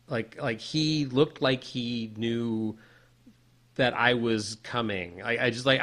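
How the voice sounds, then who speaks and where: A man co-hosting a podcast, telling a personal story in a casual, animated way with many restarts. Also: medium pitch. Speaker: podcast co-host.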